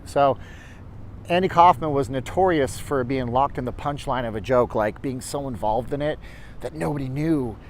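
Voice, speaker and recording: With a mid-range voice at a moderate pace, a man hosts a relaxed livestream as he walks a city street outdoors. He rambles and talks with his viewers, and slight background noise is present.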